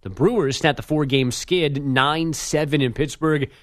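A man's voice: fairly high pitch, fairly even intonation, measured pace, no room sound. A man hosting sports radio, reading a sports news update with dry, teasing remarks.

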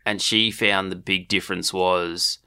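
A low-pitched man with a gravelly, fry-heavy voice rambles through casual podcast chat. He laughs easily and keeps circling back to finish his thoughts. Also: flat delivery, a little slow, bright, forceful tone. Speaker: podcast co-host.

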